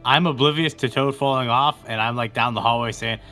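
Give me a playful man with a bright voice joking through a tabletop game. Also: mid-range voice, steady tone, brisk, soft background music. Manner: playful, jokey. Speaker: player. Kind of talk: casual tabletop game play.

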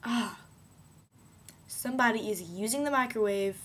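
A woman's voice: fairly high pitch, normal speed, a bit bright, a little hiss or hum. A woman rambling playfully in a casual video diary, giggling often. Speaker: vlogger.

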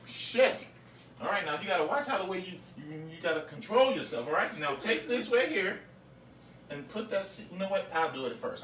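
A man hosting a comedic home cooking show, cursing and excitable, laughing as he goes. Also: a little high, a little hiss or hum. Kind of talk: profane comedic cooking demo. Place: home kitchen. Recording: echoey room miked from a distance.

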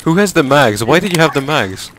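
A man chatting over voice chat during a game, excitable, laughing and swearing. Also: fairly high pitch, a little fast, background noise. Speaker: gamer on voice chat. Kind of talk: chaotic gaming banter. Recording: game sounds and gunfire behind.

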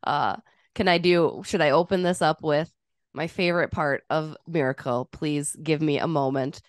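A woman's voice: low-pitched, steady tone, normal speed, dry recording, clean studio sound. A woman hosting a sports podcast, chatting casually with a playful, teasing and opinionated manner. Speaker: podcast host.

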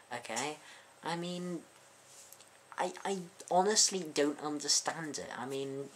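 A young man talks straight to camera in a loose, chatty vlog. His voice is bright and sharp-edged. He sounds openly bewildered and keeps asking exasperated questions. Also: fairly high pitch, lively intonation, normal speed, slight background noise. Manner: baffled, exasperated, full of rhetorical questions. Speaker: YouTube music reviewer. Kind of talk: casual vlog commentary.

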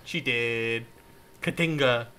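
Man, tipsy streamer, bright tone, rambling casual chat, faint background hiss. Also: medium pitch, takes it slowly. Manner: loose, rambling, joking with chat. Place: at home.

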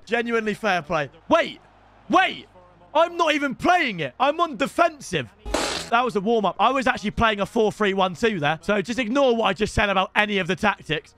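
Excitable high-voiced lad. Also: male voice, normal speed. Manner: excitable, bursts into shouts, banters with chat. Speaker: streamer. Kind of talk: live gameplay commentary.

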